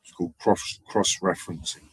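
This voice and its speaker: A man's voice: moderate pace, no room sound, poor audio. A man hosting a live stream, talking in a rambling, digressive way with hesitations and repeats. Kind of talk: rambling casual monologue.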